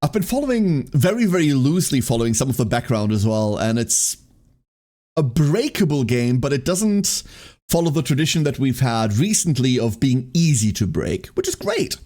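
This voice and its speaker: A man's voice: mid-range voice, big pitch swings, moderate pace, dark tone. A man streaming live, chatting casually with his chat, rambling and often breaking into laughter.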